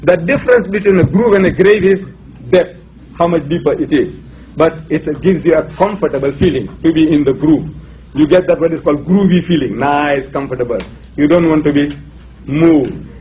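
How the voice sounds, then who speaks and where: Older man lecturing with rhetorical emphasis, fairly high voice, dull lo-fi recording. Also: normal speed, darkish tone, slight background noise. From South Africa. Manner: emphatic, rhetorical, quotes scripture. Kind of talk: public lecture on religion. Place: university lecture hall.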